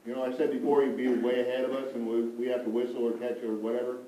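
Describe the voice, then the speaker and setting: A man recounting a mission trip story to a group, with animated, emphatic storytelling that often repeats itself. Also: mid-range voice, fast talker, slight background noise. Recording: roomy, from a distance.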